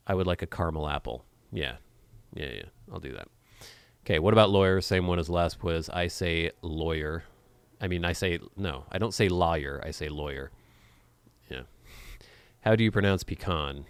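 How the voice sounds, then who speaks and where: A man's voice: deep voice, clean tone, dry recording. A young man, chatting casually in a vlog, reading quiz questions aloud and musing over how he pronounces words, with playful sarcastic asides. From Pacific Northwest of the USA. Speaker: vlogger.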